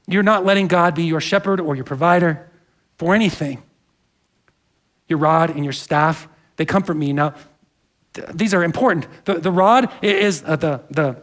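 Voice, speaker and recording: A man's voice: high-pitched, fairly bright tone. A man preaching a sermon in a church, earnest and conversational, with asides to the congregation. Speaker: pastor. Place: church sanctuary.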